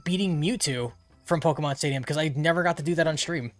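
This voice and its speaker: A man's voice: fairly high pitch, fast talker, no echo, soft background music. A man streaming a video game, rambling chattily through casual commentary. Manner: rambling, many fillers, chatty.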